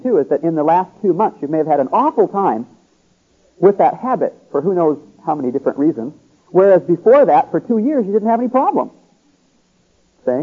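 A man preaching in a relaxed, conversational way, pausing to ask his listeners "See?" and "Okay?". His voice sits a little high and sounds husky. The sermon comes through a thin, phone-like radio broadcast. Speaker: pastor. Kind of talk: sermon teaching.

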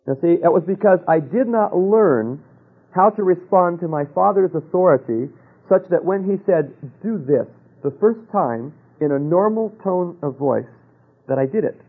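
A man preaching a sermon, telling a personal story with rhetorical questions and dropping to a hush for quoted voices. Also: high-pitched, animated, normal speed, slightly rough, narrow, tinny audio.

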